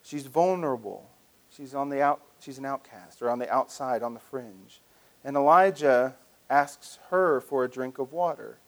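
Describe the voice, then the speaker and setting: A man's voice: mid-range voice, normal speed. A male pastor preaching a sermon in a conversational, storytelling way with frequent restarts.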